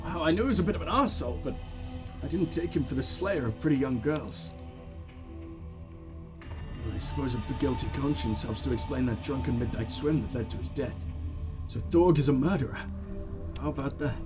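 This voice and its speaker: A man voicing a timid young female village shaman in a lowered, hushed and hesitant voice. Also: a little fast, long pauses, over music, close to an everyday voice. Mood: troubled.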